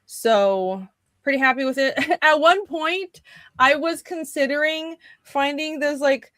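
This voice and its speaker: A woman's voice: sits high, slow pace, a bit bright, no room sound. A woman co-hosting a comics livestream, chatting casually in a rambling way that trails off and restarts. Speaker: co-host and comic artist.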